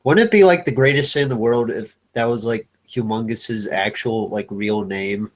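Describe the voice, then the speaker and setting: A man's voice: on the low side, normal speed. A young man in casual conversation, laid-back and hesitant, trailing off with fillers. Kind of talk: casual chat.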